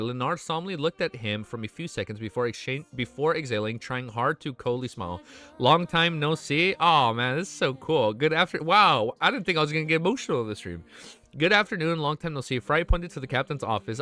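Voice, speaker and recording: Excitable man streamer reading a novel aloud. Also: medium pitch. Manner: excitable, emotional, swears often. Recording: faint music behind.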